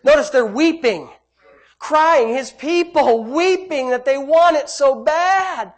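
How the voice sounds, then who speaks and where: A preacher gives a sermon at an unhurried pace, moving between loud, emphatic bursts and quiet, low asides. He draws out key phrases, repeats himself, and calls out to the congregation.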